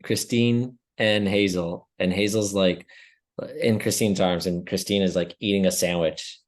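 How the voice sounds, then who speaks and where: A man's voice: low voice, fairly even intonation, unhurried. A man co-hosting a podcast in casual chat, laughing often and restarting his sentences. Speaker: podcast co-host.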